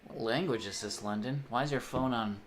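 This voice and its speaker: A man's voice: mid-range voice, brisk, slight background noise. A young man live-streaming a game, chatting casually and reading viewer messages aloud, rambling and swearing often. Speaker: livestreamer.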